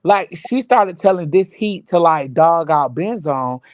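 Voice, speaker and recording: A woman joining a casual online talk show, retelling a livestream feud in an animated storytelling way. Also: on the low side, measured pace, no echo. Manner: animated storytelling, quoting others. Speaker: co-host filling in on the story. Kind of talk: casual gossip recap.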